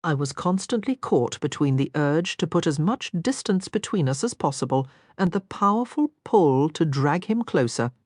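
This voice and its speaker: Low-voiced, lively woman narrating a romance. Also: moderate pace, hardly any pauses, no room sound, studio quality. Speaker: audiobook narrator. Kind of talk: first-person romance audiobook narration.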